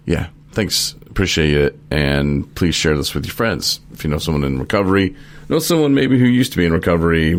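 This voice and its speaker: A man hosting a podcast in a studio, chatting casually and rambling with many fillers and restarts. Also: rumbling low. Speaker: podcast host.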